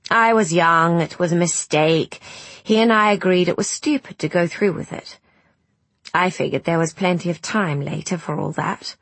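A woman's voice: fairly low pitch, moderate pace, no room sound. A woman voicing Ruby, a frank, wry older woman who speaks bluntly with dry self-mockery.

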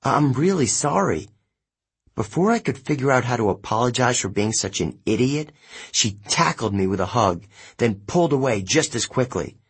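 A man narrating an audiobook in the first person, expressive and unhurried. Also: mid-range voice, husky.

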